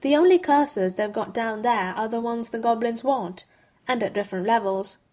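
Woman reading a young wizard guy, wry and self-deprecating, a little higher than her usual. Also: normal speed, darkish tone, lightly acted. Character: young adult male wizard, shy and wry.

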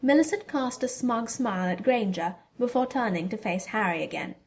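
A woman narrating a fan fiction story aloud. Her voice sits a little above average in pitch, and she keeps a steady storytelling pace. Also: moderate pace, a little hiss or hum.

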